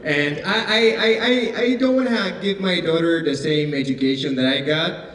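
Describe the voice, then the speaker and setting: A man from Argentina with an Argentine accent doing a stand-up set, talking fast and deadpan. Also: a little high. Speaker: stand-up comedian. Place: theater stage. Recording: echoey theater hall from far off.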